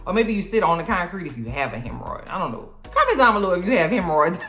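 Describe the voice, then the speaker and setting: A woman with a bright, ringing voice recaps a TV episode in a loose, joking way, full of slang and sass. Her pitch swings widely from line to line, and faint music plays softly behind her. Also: quick pace, hardly any pauses. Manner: sassy, animated, joking, slangy. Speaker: video host. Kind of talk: casual TV recap reaction.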